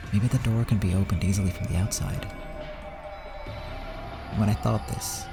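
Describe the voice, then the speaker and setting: Man, visual novel streamer, first-person dramatic narration, low voice, clear music behind. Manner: dramatic reading, drops to whispers in tense parts.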